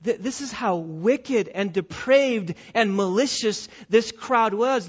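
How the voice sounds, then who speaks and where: A man's voice: high-pitched, a little slow, few pauses, slightly rough, dull audio. A male pastor preaching an expository sermon, emphatic and repetitive, often asking rhetorical questions.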